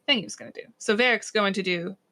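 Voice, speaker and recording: A woman narrating as game master in a tabletop game, playful and given to dramatic pauses. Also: mid-range voice, pushed and bright.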